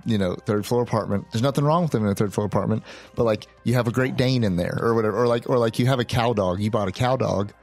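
Slow, low-voiced male podcast co-host. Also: a little mellow, faint music behind. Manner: slow, halting, thinking aloud. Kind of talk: casual chat.

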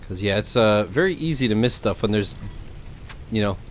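A man casually commentating his gameplay in a chatty, rambling, excitable way. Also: lowish voice, normal speed, a little hiss or hum. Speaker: gaming streamer. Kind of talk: casual let's-play commentary.

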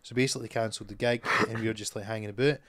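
A man's voice: lowish voice, steady tone, rapid-fire, a bit bright. A man co-hosting a podcast, telling stories animatedly in casual chat and swearing freely. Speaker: podcast co-host.

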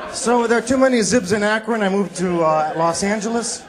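High-voiced male stand-up comic. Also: moderate pace, few pauses, a loud crowd. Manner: animated punchline delivery, slips into character voices. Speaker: stand-up comedian. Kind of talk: stand-up comedy set. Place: theater stage before a live audience. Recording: live stage recording with loud audience laughter.

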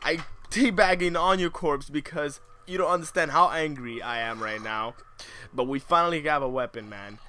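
A man's voice: a little high, moderate pace, pushed and bright. A young man commentating his own survival game, swinging between muttered asides and shrieking outbursts full of swearing. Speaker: gamer.

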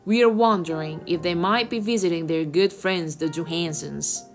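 A woman's voice: on the low side, moderate pace, soft background music, natural voice. A woman doing a harsh barking officer. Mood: menacing. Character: harsh stern male Nazi officer.

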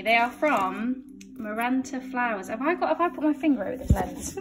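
A young woman talking to her phone camera in a rambling, animated, self-mocking vlog. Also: fairly high pitch, a little fast. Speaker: vlogger. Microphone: phone held at arm's length. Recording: phone audio with street noise.

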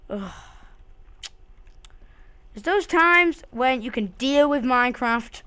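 A woman's voice: sits high, expressive, slow, pushed and bright, clean tone. A woman giving casual, jumpy commentary while she plays a game, swearing often and talking to herself and to the game. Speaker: let's play host.

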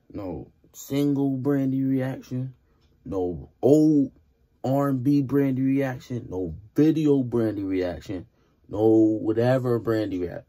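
A man's voice: medium pitch, dark tone. A young man hosting a music reaction video, talking casually and rambling in exasperated, playful disbelief.

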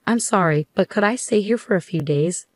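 A woman's voice: mid-range voice, fairly quick, no echo, clean studio sound, lightly acted. A woman reading the lines of a tired, worn-down older father asking for help in a storybook tale. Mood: weary. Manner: tired, apologetic.

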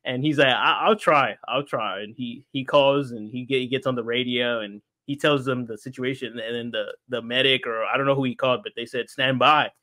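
A man tells a story as an interview guest, in a casual, animated way. He laughs often and acts out the voices of the people in his story, and his pitch sits in an everyday middle range. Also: fairly quick, few pauses.

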